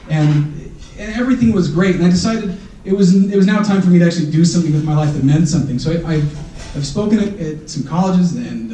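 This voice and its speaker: A man in his thirties speaks earnestly to a crowd, self-deprecating and halting with fillers. His voice is mellow and a little high for a man. He is caught from a distance in an echoey hall. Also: a little hiss or hum. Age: 30s. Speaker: reunion speaker. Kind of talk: heartfelt speech to a crowd. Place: reunion hall with an audience.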